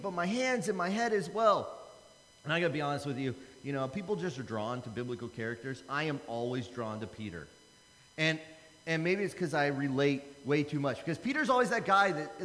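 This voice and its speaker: A man's voice: on the high side, fairly bright tone, slight background noise. A man in his thirties preaching a casual, conversational sermon, acting out the Bible dialogue. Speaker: pastor. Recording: long hall reverb.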